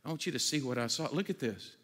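A man preaching a sermon as a pastor, conversational and energetic, with humorous asides and stammered restarts, sometimes dropping low and quiet for serious points. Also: fast talker, in a large hall.

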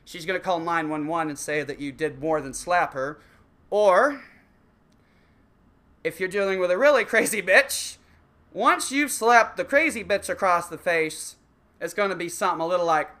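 A man's voice: high-pitched, moderate pace, bright, forceful tone. A man delivering a profane, sarcastic comedic rant, swearing constantly. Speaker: comedic ranter.

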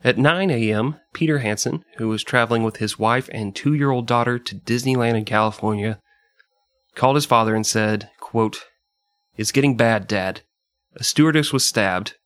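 A man's voice: mid-range voice, moderate pace, fairly bright tone, no room sound. A man hosting a casual podcast, reading historical passages aloud and laughing often between them. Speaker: podcast host.

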